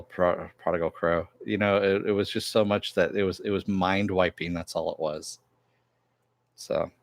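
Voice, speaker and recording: A man's voice: on the low side, no room sound. A man casually recapping and reviewing a TV episode, rambling with many fillers as he retells the plot.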